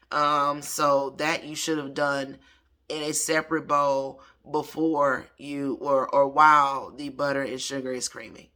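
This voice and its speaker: A man's voice: medium pitch, pushed and bright. A man in his late thirties, a chef, casually walking through an old cookbook recipe and talking back to its author. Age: 30s. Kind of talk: casual cooking lesson.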